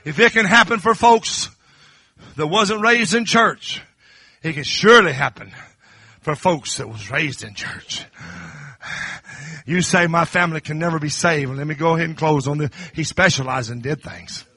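Preacher, middle-aged man, very bright and dry close sound, shifts from hushed to shouting. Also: normal speed, no echo. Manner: swings from low confiding talk to high shouted crescendos. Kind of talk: sermon.

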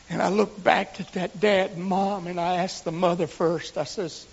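Gravelly preacher man. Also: sits high, unhurried, few pauses. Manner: folksy storytelling, swinging from hushed whispers to shouts. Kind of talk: sermon. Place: church. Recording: echoey lo-fi church recording.

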